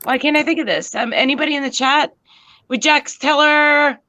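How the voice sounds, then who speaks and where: A woman joining a casual livestream chat as a guest, excitable and gushing. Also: sits high, moderate pace, a little hiss or hum.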